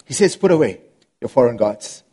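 A man's voice: medium pitch, animated, normal speed, warm tone, husky. A man preaching an earnest sermon as pastor, repeating phrases and rising into passionate, pleading prayer.

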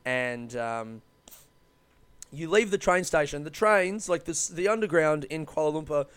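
A man spins a meandering travel anecdote, swearing casually and correcting himself as he goes. His voice is smooth and clear and sits a little high for a man. The recording is dry, with no room sound. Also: animated, measured pace, fairly bright tone, dry recording. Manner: loose, sweary, rambling with many fillers and self-corrections. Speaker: comedian telling a travel story. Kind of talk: casual storytelling monologue.

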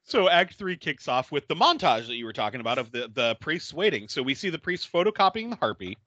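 A man's voice: on the high side, very animated, brisk, bright, forceful tone, dry recording, highs cut off. A man casually recapping a film plot, laughing often and acting out characters' lines. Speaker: podcast host recapping a film. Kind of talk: casual movie recap chat.

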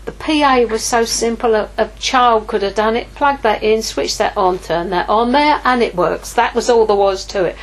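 A woman's voice: a little high, normal speed, few pauses, rough recording. A middle-aged woman giving an informal sermon, telling a personal story candidly and acting out her own inner dialogue. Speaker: ministry leader preaching.

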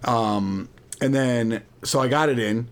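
A man's voice: mid-range voice, slow, smooth. A man in his thirties co-hosting a podcast, telling rambling stories in casual chat, full of "like" fillers. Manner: rambling storyteller, lots of "like" fillers, quotes his kids. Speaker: podcast co-host.

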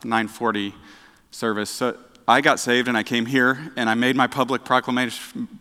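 A man preaching a casual sermon, chatty and self-deprecating, with halting restarts and dad jokes. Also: mid-range voice, little pitch movement, sharp tone. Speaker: director of outreach, preaching. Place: church sanctuary. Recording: echoey church hall.

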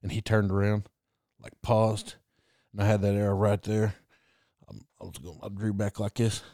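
A man voicing a male hunter who tells his stalk slowly in a low, drawn-out brag, in a comedy bit. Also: little pitch movement, dark tone, no room sound, clean studio sound, lightly acted. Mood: bragging.

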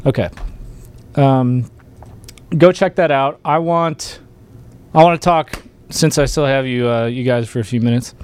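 A man's voice: medium pitch, measured pace, long pauses, darkish tone, clear, resonant tone. Male livestream host, emphatic and rallying, fired up, casual delivery. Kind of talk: casual political livestream talk.

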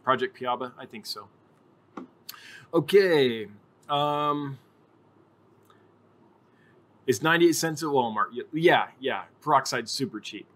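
A man's voice: mid-range voice, slow, pauses often, a bit bright. A man hosting a casual livestream, answering viewer questions in a chatty, rambling way with lots of ums and self-corrections. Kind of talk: casual live chat.

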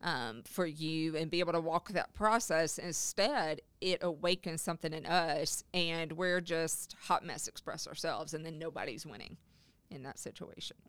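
A man talking as a parenting counselor on a podcast, calm and often laughing, acting out the phrases parents could say. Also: on the high side, normal speed, smooth, no room sound. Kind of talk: podcast conversation.

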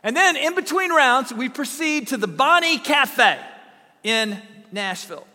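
A man's voice: very high-pitched, lively intonation, measured pace, bright, forceful tone, in a large hall. A pastor from Southern Illinois preaching a sermon, telling folksy, humorous stories to his congregation. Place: church sanctuary.

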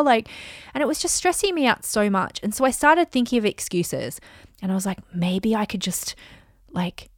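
A woman's voice: medium pitch, expressive, normal speed, dry recording, studio quality. A woman in her thirties from Australia, hosting a solo podcast and telling personal stories, acting out her own quoted thoughts. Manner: chatty storytelling with acted-out quotes. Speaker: podcast host.

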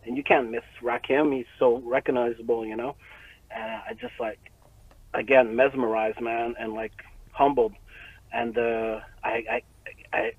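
Profane animated man on a phone line. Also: mid-range voice, no room sound. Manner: animated, profane, laughs often. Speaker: guest telling a story. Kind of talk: casual storytelling.

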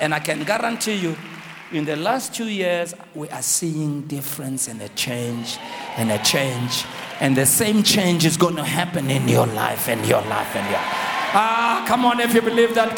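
A man's voice: high voice, sing-song, unhurried, creaky, a loud crowd, very noisy. A South African man, a bishop preaching a live sermon in a large church hall, fervent and repeating phrases as he calls out to the congregation. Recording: long church-hall reverb.

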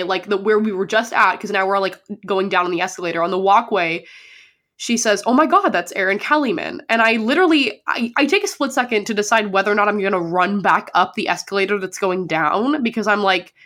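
A woman's voice: medium pitch, a little fast, a bit bright. A young woman co-hosting a podcast, chatting casually and gushing, with lots of "like", sick with a sore throat. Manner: gushing, heavy use of "like". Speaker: podcast co-host. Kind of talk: casual chat.

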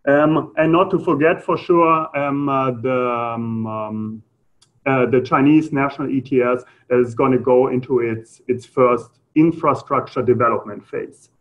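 A man's voice: mid-range voice, a little slow. A man with a German accent giving a live lecture, full of hesitant ums and uhs as he explains slides. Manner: hesitant, many fillers. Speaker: lecturer on carbon pricing. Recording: muffled lo-fi lecture audio.

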